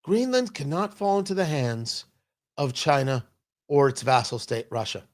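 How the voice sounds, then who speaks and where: A male talk show host with a fairly high voice that swings widely up and down. He argues his points with energy and acts out quotes with sudden loud bursts. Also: sing-song, moderate pace. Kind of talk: opinionated political talk.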